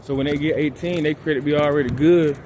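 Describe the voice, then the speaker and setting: A man vlogging while he walks outdoors at night, talking in a calm, laid-back, slangy way. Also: fairly high pitch, fast talker. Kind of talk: casual motivational talk while walking. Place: outdoors at night, walking laps. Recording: outdoor street noise. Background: traffic and outdoor ambience.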